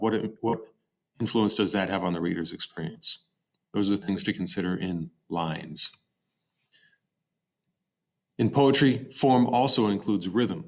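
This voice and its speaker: A man with a deep, low-pitched voice narrates a slide-show lesson on poetry. He explains terms patiently, pausing with fillers and correcting himself now and then. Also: gravelly. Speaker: teacher. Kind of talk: recorded slide-show lecture.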